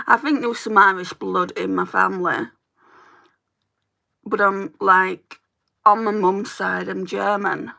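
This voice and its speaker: A woman's voice: mid-range voice, fairly even intonation, a little slow, creaky, pauses often, bright, forceful tone. A woman from England with a Northwest English accent, chatting on a beauty livestream while doing her makeup and answering viewers' comments. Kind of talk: chatty get-ready-with-me livestream.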